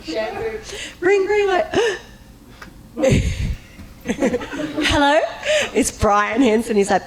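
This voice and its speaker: A woman on a convention panel telling an animated anecdote, acting out voices and breaking into high, laughing squeals. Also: slow, a crowd in the background, poor audio.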